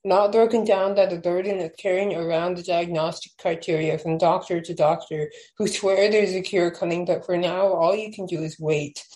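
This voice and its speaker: Young adult woman, low warm tone; casual chat into measured poetry reading. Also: fairly even intonation, rough recording. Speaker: podcast guest, poet.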